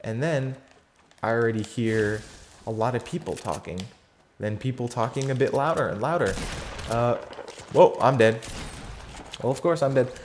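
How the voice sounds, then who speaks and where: A man's voice: mid-range voice, moderate pace, a little hiss or hum. A fourteen-year-old boy telling a story in a casual vlog, rambling with lots of fillers, slang and restarts. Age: teenager, fourteen.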